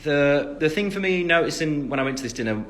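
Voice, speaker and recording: Expressive and brisk, his slightly high voice has a bit of brightness as this twenty-something Englishman chats on a phone livestream. He answers fan comments in a rambling style full of fillers, laughing at himself along the way.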